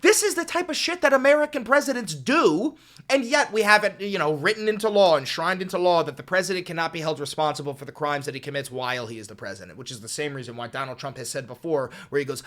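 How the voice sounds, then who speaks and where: Impassioned male commentator, bright voice. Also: on the high side, lively intonation, quick pace. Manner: impassioned, swings from yelling to quiet. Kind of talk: reaction commentary. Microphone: desk microphone.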